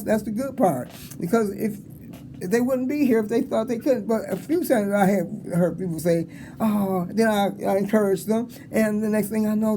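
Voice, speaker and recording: A high-voiced man around sixty with a mellow, rounded tone, rambling cheerfully through encouraging stories to students. He acts out little conversations as he goes. A faint hiss of background noise sits under his voice. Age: 60s. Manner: rambling, encouraging, animated storytelling with chuckles. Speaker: motivational speaker. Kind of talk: casual motivational talk to students. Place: school hall with an audience.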